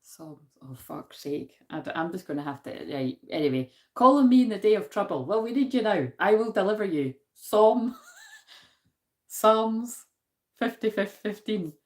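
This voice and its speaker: A Scottish woman with a broad Glaswegian accent chats her way through a spiritual card reading, mid-pitched and easygoing. She reads verses aloud between asides to her viewers, laughing at herself as she goes. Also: lively intonation, fairly quick, hardly any pauses, a little mellow. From Scotland. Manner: chatty and self-deprecating, laughing often and talking back to viewers. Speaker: spiritual card reader hosting a live stream. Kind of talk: casual live-stream chat with verse reading.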